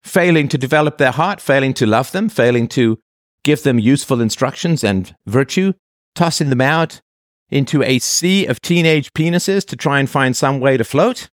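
A man's voice: mid-range voice, animated, moderate pace, dry recording, studio quality. A man hosting a call-in advice show, talking in an impassioned way and stacking emphatic lists.

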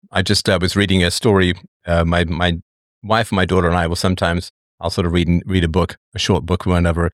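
A middle-aged man hosts his show in loose, wry banter, stretching words for comic emphasis. His voice sits a little low. It sounds dry and close, with no room around it. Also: steady tone, dry recording. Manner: wry, joking asides with drawn-out emphasis. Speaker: podcast host. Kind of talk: casual live-stream chat.

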